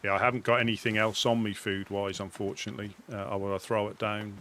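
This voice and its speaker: A man on game voice chat, calmly explaining things with some hesitation. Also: fairly low pitch, fast, slight background noise. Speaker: game player.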